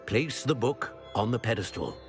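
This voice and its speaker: An actor voicing a grave male professor who is a seer, speaking in a measured, formal way in a video game. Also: mid-range voice, lively intonation, close to an everyday voice. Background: game music.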